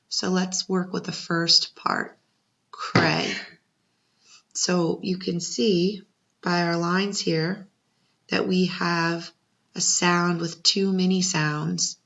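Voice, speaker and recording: A woman's voice: on the low side, vocal fry, fairly bright tone. A woman teacher giving a patient second-grade spelling lesson, sounding out syllables and encouraging young learners. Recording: muffled lo-fi recording.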